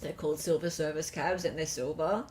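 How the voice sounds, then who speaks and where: A woman's voice: sits low, fairly even intonation, fairly quick, a little mellow. A woman hosting a live stream, chatting casually and reading out viewer comments. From Australia. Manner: chatty, reads viewer comments aloud, lots of fillers.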